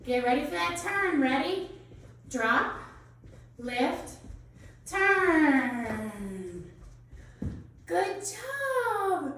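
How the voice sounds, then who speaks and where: A high-voiced woman leads a children's dance class, calling out steps and counts with eager encouragement. She talks slowly and carefully, and her voice rings through a very echoey room, heard from some distance away. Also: sing-song. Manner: bright, encouraging, counts steps aloud, calls out moves. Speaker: dance teaching artist. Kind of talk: teaching children a dance lesson.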